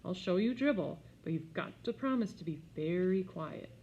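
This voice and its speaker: A woman's voice: lowish voice, lively intonation, normal speed, darkish tone, a little hiss or hum. A woman voicing an exasperated fourth-grade boy who complains in an indignant, whiny way, on a slightly dull recording.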